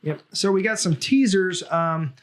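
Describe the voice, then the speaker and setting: A man's voice: high-pitched, measured pace. A man hosting a casual fan discussion podcast, talking in a chatty way with lots of fillers and restarts. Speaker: podcast host.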